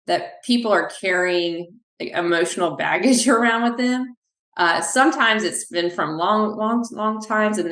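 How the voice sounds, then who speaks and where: A woman physical therapist talking in a podcast interview, telling animated stories from her clinic. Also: medium pitch. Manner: animated, acts out quoted dialogue. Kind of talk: podcast interview, conversational storytelling. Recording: echoey room.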